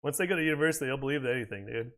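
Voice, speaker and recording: A man's voice: medium pitch, rapid-fire, a bit bright. A man chatting casually and profanely while streaming a video game, rambling between reactions to play. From United States. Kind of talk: casual chat while gaming.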